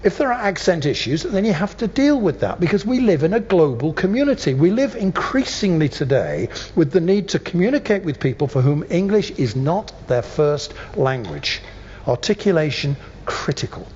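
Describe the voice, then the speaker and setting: A man teaching a workshop as a voice coach, speaking emphatically with deliberate pauses. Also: on the high side, very animated, darkish tone, slight background noise. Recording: dull sound in a reverberant room.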